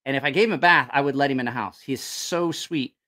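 A man with a mid-range voice hosts a casual livestream for a knife channel, talking quickly in a pushed, bright tone. He rambles, swears freely, and keeps losing his train of thought.

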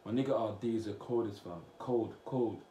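A young man from Cameroon, chatting casually as he reacts to comments on his vlog, blunt and slangy with sudden loud outbursts. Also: on the low side, moderate pace. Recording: echoey room with faint noise.

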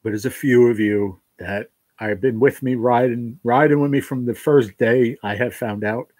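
A man hosting a livestream, crying and thanking his viewers in a heartfelt, halting way. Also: mid-range voice, steady tone, darkish tone, no room sound. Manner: tearful, heartfelt, halting with restarts. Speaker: livestream host reading chat. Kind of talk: emotional livestream chat.

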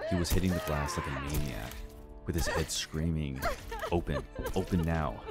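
A man narrating a first-person horror story in a slow, even, scripted storytelling delivery. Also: very deep voice. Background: faint background music.

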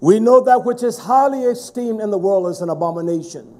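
A man preaching a sermon in a fervent, emphatic way, with sudden shouted stresses. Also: high voice, a little fast.

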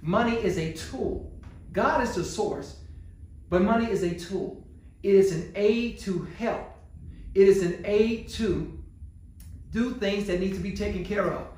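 A man's voice: sits high, unhurried, long pauses, a little mellow. A male pastor preaching a sermon, asking the congregation rhetorical questions in a call-and-response style. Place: church. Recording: very echoey church room.

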